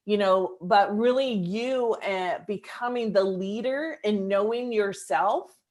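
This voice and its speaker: A woman in her fifties, calmly hosting a reflective coaching conversation. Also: medium pitch, slow. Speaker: coach and host.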